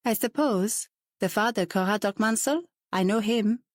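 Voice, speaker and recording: A woman voicing a soft-spoken, hesitant young woman designer with a French-tinged accent, in a storybook reading. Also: medium pitch, moderate pace, dry recording, clean studio sound, voice pushed up, lightly acted.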